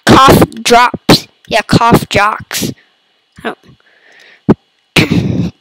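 A woman with a hoarse, fading voice and a cough, chatting playfully to viewers over gameplay. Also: a little high, fairly even intonation, drawn-out words, fairly bright tone, no room sound, rough recording. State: hoarse, losing her voice, coughing. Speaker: gaming YouTuber. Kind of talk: casual let's-play commentary. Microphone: computer mic.

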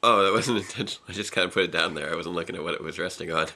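A man's voice: low-pitched, very fast, creaky, sharp tone. A young man co-hosting a casual reaction chat, rambling and restarting his sentences and laughing often. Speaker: co-host reviewing episodes.

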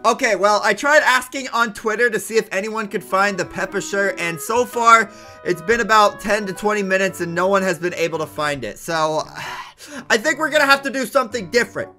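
A young man in his twenties, a gaming YouTuber giving excited, jokey commentary with bursts of mock outrage. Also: high voice, normal speed, soft background music.

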